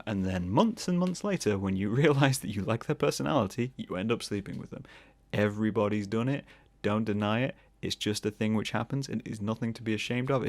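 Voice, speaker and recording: A man hosting a solo podcast, rambling and joking, often slipping into quick put-on voices. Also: lowish voice, dry recording. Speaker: podcast host.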